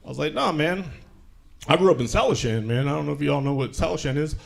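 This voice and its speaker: A man's voice: a little high, very fast, vocal fry. A young man from Tacoma doing a laid-back, self-mocking stand-up set at a comedy show, chuckling through his punchlines. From Tacoma, Washington. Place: comedy show with live audience.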